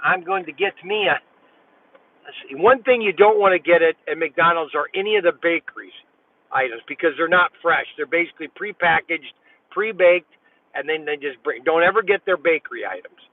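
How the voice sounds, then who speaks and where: A man's voice: a little high, a little fast, recorded from a distance. A man vlogging while driving, chatting casually and rambling in a folksy way from inside his car. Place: inside a car at a drive-thru. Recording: tinny, phone-like sound.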